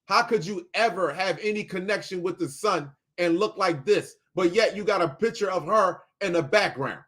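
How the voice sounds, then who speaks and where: A man's voice: sits high, moderate pace, a bit bright. Emphatic man ranting in commentary. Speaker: reaction video host. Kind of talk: heated commentary.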